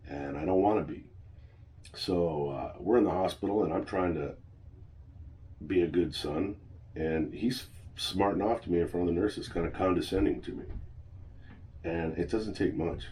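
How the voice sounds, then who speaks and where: A man's voice: low voice, moderate pace, pauses often, warm tone, a little hiss or hum. A middle-aged man telling a personal story in a blunt, swearing, venting way. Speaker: channel host. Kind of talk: personal vlog monologue.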